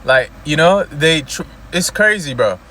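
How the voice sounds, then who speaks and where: A man's voice: on the high side, lively intonation, measured pace, pushed and bright, slight background noise. A man vlogging from inside a car, ranting in a loose, profane, rambling way, full of "you know" and "like". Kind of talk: casual ranting monologue.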